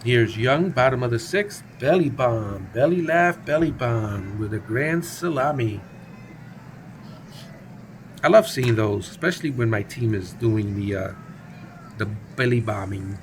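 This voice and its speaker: A man's voice: mid-range voice, expressive, unhurried, a little hiss or hum. A man hosting a gaming video, giving casual, playful play-by-play of a baseball simulation game. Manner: playful, jokey, chatty commentary. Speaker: gaming channel host.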